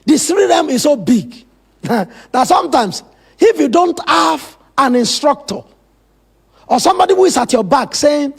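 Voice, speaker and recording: A man's voice: very high-pitched, big pitch swings, unhurried, creaky. A man preaching a sermon as pastor, telling Bible stories with dramatic, emphatic asides.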